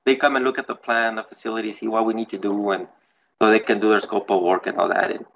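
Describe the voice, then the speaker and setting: Gravelly man telling a ghost story. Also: on the low side, flat delivery, quick pace, fairly bright tone. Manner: rambling, many restarts, acts out quotes. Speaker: water treatment plant worker. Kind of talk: casual storytelling. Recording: slightly dull with faint background noise.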